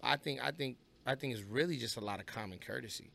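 A rapper appears as a guest on a casual podcast interview, telling loose, profane stories and acting out the voices of the people he quotes. He talks fast in a medium-pitched, gravelly, fairly bright voice.

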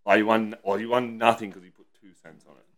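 An Australian man in a casual podcast chat, relaxed and swearing, laughing through his stories. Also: on the low side, fast. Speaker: podcast co-host.

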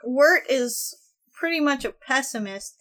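A woman's voice: high-pitched, expressive, measured pace, fairly bright tone. A woman co-hosting a podcast, chatting casually and retelling scenes. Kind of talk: casual discussion.

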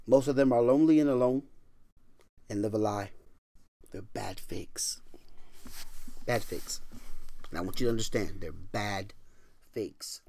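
Dynamic preaching pastor, dry sound. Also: male voice, medium pitch, no echo. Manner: dynamic preacher, swings from hushed whispers to loud emphatic lines; repeats phrases for emphasis, quotes scripture in old-fashioned wording. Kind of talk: sermon.

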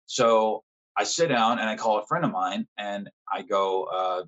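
Frank, low-voiced man telling his story. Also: a bit bright, lo-fi sound. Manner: frank, swears often, halting with fillers. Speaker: podcast guest. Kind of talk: candid conversational storytelling.

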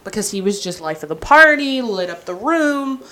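A podcast co-host tells a story in casual, animated chat, laughing through it and using lots of "like" and "um." Her voice is medium-pitched at a moderate pace, and the audio is poor.

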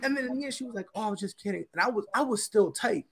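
A man's voice: sits high, animated, very fast, vocal fry, a bit bright, slightly rough. A man co-hosting a podcast, telling a story in a casual, slangy way and often repeating himself. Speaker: podcast co-host.

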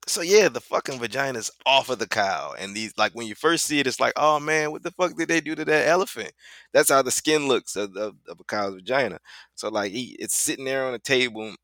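Man, podcast co-host, lively pitch, laughing storyteller, dry close sound. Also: dry recording. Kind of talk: casual chat.

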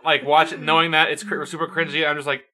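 A man's voice: fairly high pitch, flat delivery, quick pace, sharp tone. A man in casual chat reviewing a movie, easygoing and chatty with lots of um and like. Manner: easygoing, lots of fillers, laughs along. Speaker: co-host.

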